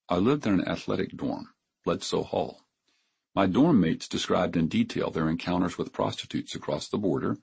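A man in his seventies from Texas, narrating his memoir in a measured, reflective way. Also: low-pitched, gravelly, a little mellow, slightly rough.

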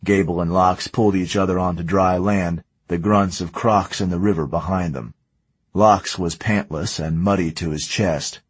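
Male narrator, deep and slightly husky, steady measured read, dry close sound. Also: dry recording. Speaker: audiobook narrator. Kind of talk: scripted narration.

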